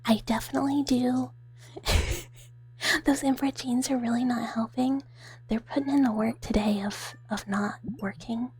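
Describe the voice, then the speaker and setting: A woman streamer doing a whispered role-play, chatting softly with viewers in a breathy whisper and giggling often. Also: a little high, fairly even intonation, a little slow, faint music behind. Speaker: ASMR streamer.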